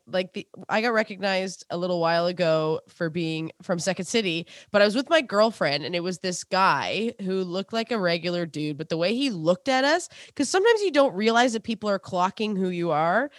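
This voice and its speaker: A woman's voice: mid-range voice, dry recording, studio quality. Chatty Canadian woman, laughs often. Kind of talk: casual chat.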